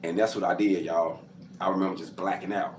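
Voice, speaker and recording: A man recounts his own life in a loose, conversational monologue, often addressing his listeners as "y'all." His voice sits a little low. The room is echoey, with faint background noise. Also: steady tone, brisk. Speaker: storyteller telling his own life story. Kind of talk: personal storytelling monologue.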